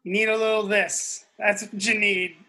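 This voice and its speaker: A man's voice: high-pitched, little pitch movement, moderate pace, sharp tone. A young man hosting a podcast, ribbing his friends in crude, profanity-laced casual chat. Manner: crude, teasing banter with frequent swearing. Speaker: podcast host.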